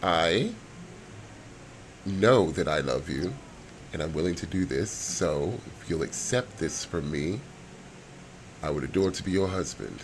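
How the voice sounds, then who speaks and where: A man voicing a courtly man who proposes marriage in a life-sim game, reading the lines softly and low in his own voice. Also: expressive, unhurried, pauses often, slight background noise. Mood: tender.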